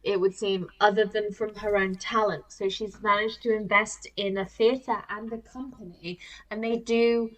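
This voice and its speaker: A woman's voice: medium pitch, fairly even intonation, normal speed, low-quality recording. A woman hosting a podcast in casual chat, wry and dryly critical. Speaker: podcast host.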